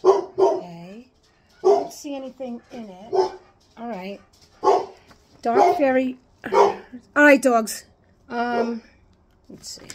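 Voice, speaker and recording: A woman chatting casually as she unboxes and reads out items, gushing, excitable and swearing freely. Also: on the high side, slow pace, pauses often, breathy edge. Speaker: unboxing vlogger.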